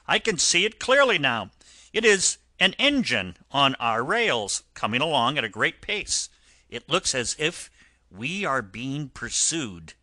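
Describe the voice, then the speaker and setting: A man's voice: mid-range voice, sing-song, takes it slowly, pushed and bright, no room sound, heavily acted. A man voicing a stern but kind-hearted engine driver who talks firmly in an audiobook reading. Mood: alarmed. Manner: firm, instructing. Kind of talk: audiobook character voice.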